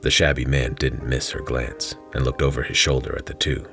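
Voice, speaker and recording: A man's voice: rumbling low, flat delivery, fairly quick, vocal fry, fairly bright tone, soft background music. A man reading his own fantasy short story aloud in a dry, wry narrating manner.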